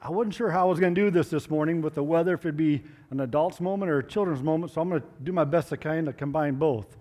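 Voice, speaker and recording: Guy doing the kids talk at church, slightly high voice, keeps asking the kids stuff. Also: fast, in a large hall. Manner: gentle, coaxing questions to children. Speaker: children's moment leader. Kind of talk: children's sermon with props.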